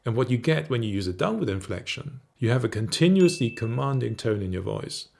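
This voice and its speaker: A middle-aged man, a confidence coach, teaching straight to camera in a calm, measured way. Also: medium pitch, vocal fry. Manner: calm, measured, demonstrates intonation.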